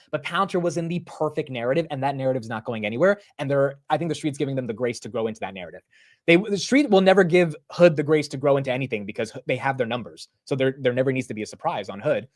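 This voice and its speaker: A young man talks through a live market stream in a loose, chatty way, answering the chat between ticker updates. His voice sits at an ordinary middle pitch and sounds dry and close, with no room around it. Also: animated, dry recording. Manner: chatty, quick asides to the chat, says "bro" and "dude". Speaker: livestream market commentator. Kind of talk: casual live market commentary.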